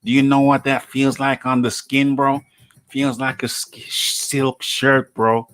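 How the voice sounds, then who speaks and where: A man's voice: mid-range voice, level tone, a bit bright. A man putting on a bragging rich boxer. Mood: boastful. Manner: bragging, drawn-out "bro". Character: boastful rich boxer, man, young adult, lazy.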